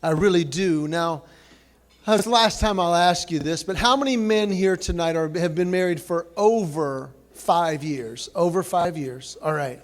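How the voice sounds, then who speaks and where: A man's voice: fairly high pitch, measured pace. A man giving a humorous after-dinner speech at a banquet, telling folksy stories with comic asides. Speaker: banquet speaker.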